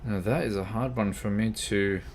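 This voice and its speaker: A man's voice: fairly low pitch, moderate pace, a little hiss or hum. A man chatting casually on a gaming livestream, rambling and easily distracted. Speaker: streamer.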